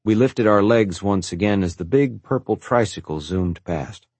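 A man narrating a first-person audiobook in a calm, reflective storytelling manner on a close mic. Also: fairly low pitch, normal speed, no echo.

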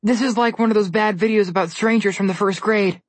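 A woman's voice: mid-range voice, fairly even intonation, a little fast, dry recording, voice pushed up, lightly acted. A woman voicing a cautious, sarcastic young boy in a storybook reading, with dry, indignant remarks. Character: sarcastic, cautious boy, the girl's twin brother.

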